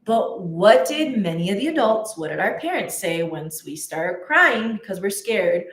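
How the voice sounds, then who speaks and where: A woman's voice: mid-range voice, expressive, unhurried, few pauses, a bit bright, reverberant. A woman telling a personal story in a casual, chatty way, with many fillers and restarts. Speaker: spiritual content creator.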